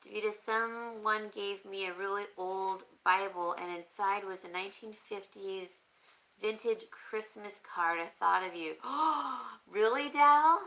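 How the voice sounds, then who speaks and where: A woman with a bright, clear tone chats casually on a live stream. She reads viewer comments aloud and thinks out loud, often pausing with an easy "um, let's see.". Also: medium pitch, rough recording. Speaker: crafting channel host.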